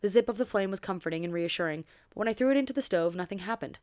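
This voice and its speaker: Fast-reading woman narrating a novel aloud. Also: medium pitch. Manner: expressive reading with quick asides. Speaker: book channel host reading aloud.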